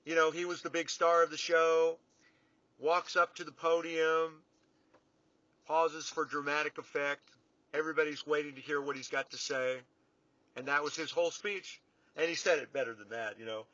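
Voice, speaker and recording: Earnest, bright-voiced middle-aged man. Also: fairly high pitch, fairly even intonation, normal speed, no room sound. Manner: earnest, folksy, repeats for emphasis. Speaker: business coach addressing clients. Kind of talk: casual motivational talk to camera. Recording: dull lo-fi, dry sound.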